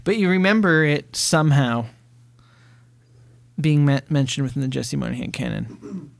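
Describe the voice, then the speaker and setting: A man's voice: a little high, moderate pace, creaky. A man co-hosting a casual podcast, recounting scenes in a chatty, storytelling way. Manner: chatty storyteller who acts out bits of scenes. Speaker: podcast co-host. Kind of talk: casual chat.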